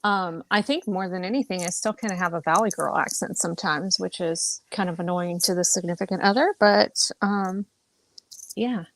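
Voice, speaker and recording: A woman's voice: lowish voice, moderate pace, dry recording, poor audio. Easygoing American woman, dry sound. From US West Coast. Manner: easygoing, chatty, laughs readily. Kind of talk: casual book discussion.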